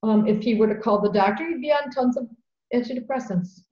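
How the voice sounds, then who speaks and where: A middle-aged woman with a fairly high voice tells a story on a podcast, earnest and animated, leaning on repeated phrases. The sound is roomy and a bit dull, as if taken in an echoey room on a modest mic. Her tone stays conversational throughout. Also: fast talker. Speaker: podcast host.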